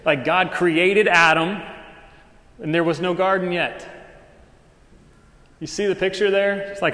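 A male pastor preaching a sermon in a relaxed, conversational way, acting out quick little dialogues as he goes. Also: fairly high pitch. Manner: casual conversational preaching with quick dramatized asides. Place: church hall. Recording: echoey hall with long reverb.

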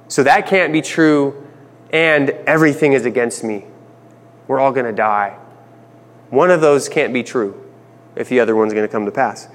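A man's voice: mid-range voice, moderate pace, long pauses, long reverb tail. A man preaching a sermon, reading scripture and acting out the characters in playful asides. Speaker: pastor.

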